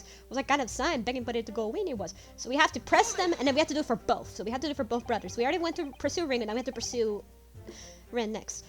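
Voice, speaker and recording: A woman's voice: on the high side, lively intonation, rapid-fire, soft background music. Chatty woman gaming commentator. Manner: chatty, explaining with fillers. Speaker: gaming YouTuber. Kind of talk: casual let's-play commentary.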